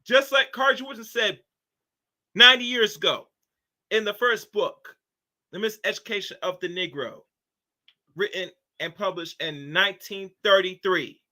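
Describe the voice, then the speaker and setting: A man's voice: sits high, moderate pace, bright, forceful tone. A man hosting a casual opinion commentary, rambling and preachy, with many fillers. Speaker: commentary channel host.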